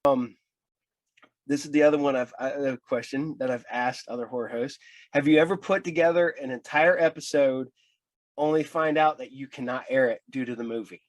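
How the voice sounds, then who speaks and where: A man hosting a podcast interview from home, asking questions in a halting way with many restarts and fillers. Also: medium pitch, no room sound. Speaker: podcast host. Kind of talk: casual interview. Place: at home with his dog.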